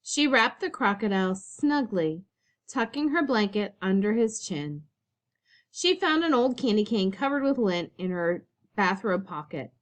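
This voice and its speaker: A woman teacher reading a children's picture book aloud, expressive and storytelling. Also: medium pitch, measured pace.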